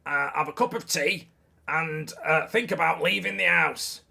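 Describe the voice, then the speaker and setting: A rambling, self-satisfied older man, as a man puts him on, bragging about his routine. The voice sits a touch higher than his own and has a rough, creaky edge. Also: measured pace, bright, forceful tone, full character voice. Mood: boastful. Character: boastful rambling older boxing trainer dad.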